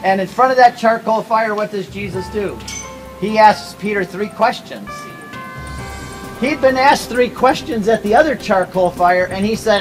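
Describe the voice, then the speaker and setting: A man giving a casual Bible talk to a tour group, telling stories with quick asides and jokes. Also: high voice, faint music behind, poor audio. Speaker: pilgrimage tour teacher.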